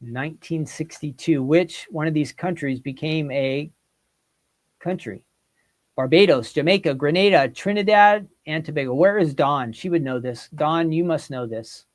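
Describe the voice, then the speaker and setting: In a casual livestream quiz, a man with a somewhat high voice speaks at normal speed. He is playful, reading viewers' guesses and comments out loud and teasing them.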